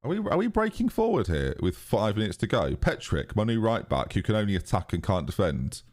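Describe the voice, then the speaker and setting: Brisk and sing-song, a British man with a fairly low, slightly mellow voice streams a football management game. His casual commentary is chatty and sarcastic, and he reads out viewers' messages as they come in.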